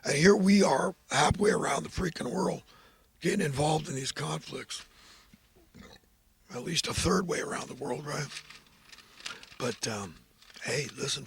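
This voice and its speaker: A man's voice: mid-range voice, unhurried, creaky, long pauses, a crowd in the background. A man giving a rambling, fervent, preachy monologue as host. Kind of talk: impassioned political monologue.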